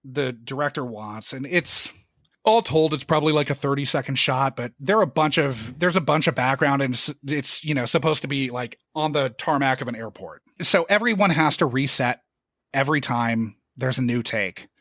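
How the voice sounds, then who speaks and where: A young man telling work stories in a casual podcast chat, animated and profane, his voice jumping up when exasperated. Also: mid-range voice, normal speed, no room sound, clean studio sound. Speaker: podcast guest.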